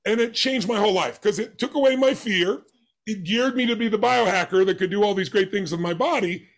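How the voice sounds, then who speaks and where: High-voiced man telling a story. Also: brisk. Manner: acts out dialogue with emphatic voices. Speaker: interview guest. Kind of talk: animated personal storytelling.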